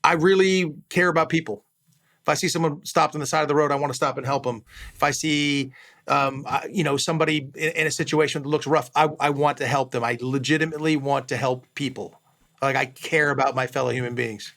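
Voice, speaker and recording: A man in his fifties speaking candidly as a podcast guest, with halting starts and frequent restarts. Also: fairly high pitch, fairly even intonation, a bit bright. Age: 50s. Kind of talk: candid conversational interview.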